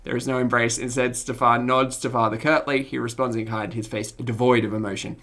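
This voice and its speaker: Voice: medium pitch, little pitch movement, brisk, a bit bright. A streamer reading game text aloud and commenting, giggly and self-mocking while trying out character voices. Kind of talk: let's-play commentary and narration.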